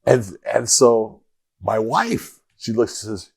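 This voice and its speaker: A man's voice: fairly low pitch, lively intonation, moderate pace, slightly rough. A middle-aged man co-hosting a fight podcast, chatting casually and telling stories with plenty of swearing. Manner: profane, storytelling. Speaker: podcast co-host. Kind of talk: casual chat.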